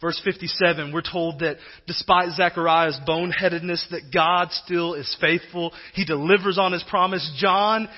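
A male pastor preaching a sermon in a conversational, animated way, acting out quoted voices now and then. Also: high voice, moderate pace, hardly any pauses, muffled recording.

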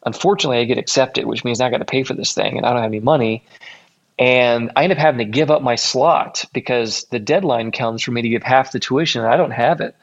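A young man from Illinois telling a rambling personal story in a casual way, correcting himself often along the way. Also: mid-range voice. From Illinois, USA. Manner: rambling, self-correcting, acts out quoted voices. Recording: dull lo-fi recording.

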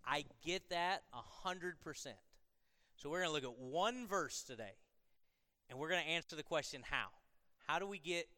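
A man's voice: on the high side, pushed and bright, clear, resonant tone, no room sound, clean studio sound, big-room sound. A man preaching a conversational sermon to a congregation, moving from casual asides to emphatic, repeated lines. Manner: conversational, building to emphatic repetition. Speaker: pastor.

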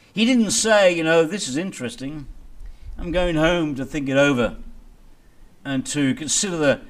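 A man preaching a sermon as pastor, reading scripture and building to loud dramatic peaks before dropping low. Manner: dramatic preaching with big swings in loudness.

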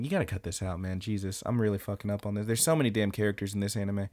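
A man co-hosting a podcast, recapping an anime in casual chat, swearing freely and acting out the characters' lines in quick put-on voices. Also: on the low side, darkish tone. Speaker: podcast co-host.

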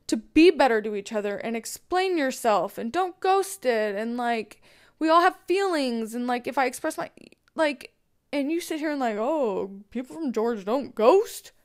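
A woman hosting her own podcast, ranting candidly about dating in a profane, heated, rambling way. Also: high voice. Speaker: podcast host. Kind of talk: candid solo podcast rant.

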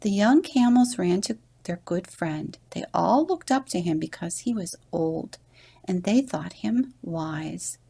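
A woman's voice: lowish voice, lively intonation, measured pace, gravelly, breathy edge. A woman deacon reading a children's story aloud, slipping into whispers now and then. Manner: gentle read-aloud narration with whispered passages.

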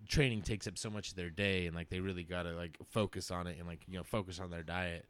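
A man's voice: sits low, steady tone, quick pace, smooth. A man co-hosting a podcast, chatting casually and rambling with many fillers. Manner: rambling, lots of "like" fillers, laughing often. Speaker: podcast co-host. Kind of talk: casual joking chat.

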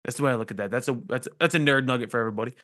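A man's voice: medium pitch, rapid-fire, a bit bright. A man hosting a podcast, telling loose, profane stories in casual chat. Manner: loose, profane storytelling with laughs. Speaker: podcast host.

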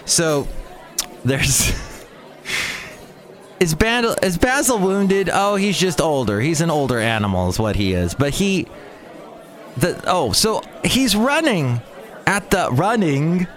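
A man's voice: fairly high pitch, big pitch swings, slow, long pauses, some chatter behind. A man hosting his own show, talking in a rambling, chatty comic monologue with self-mocking asides. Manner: chatty, self-mocking, swings into impressions and exclamations.

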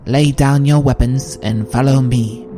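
A man voicing a tall, slender alien male guard in a storybook reading, with a high-pitched, curt, commanding voice. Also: fairly even intonation, measured pace, music in the background, close to an everyday voice. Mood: stern.

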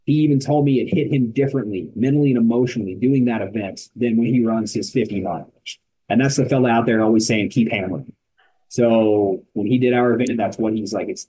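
A man's voice: medium pitch, husky, poor audio. A man, founder of an endurance organization, talking as a guest in a casual podcast interview with emphatic, punchy storytelling. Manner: energetic, emphatic storytelling in short punchy sentences.

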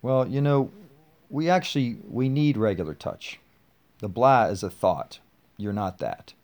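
A man's voice: mid-range voice, expressive, unhurried, a little mellow. A man hosting his own podcast, talking in a loose, rambling way with many fillers. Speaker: podcast host. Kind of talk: casual rambling chat.

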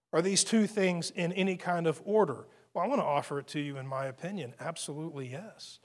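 Earnest man preaching, slightly high voice. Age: adult with family. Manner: earnest, emphatic, with frequent restarts and repeated words. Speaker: pastor. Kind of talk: sermon.

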